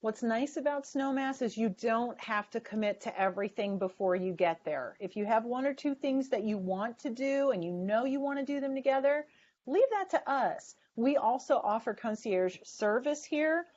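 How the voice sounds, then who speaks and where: A woman's voice: on the high side, expressive, normal speed, a little mellow. A woman leading a sales training webinar, stressing words in an emphatic coaching tone. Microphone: video call. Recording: dull lo-fi webinar audio.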